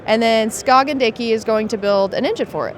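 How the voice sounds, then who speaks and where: A woman's voice: a little high, a little fast. Chatty woman car builder. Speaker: car builder and content creator. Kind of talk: casual interview. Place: busy trade show floor.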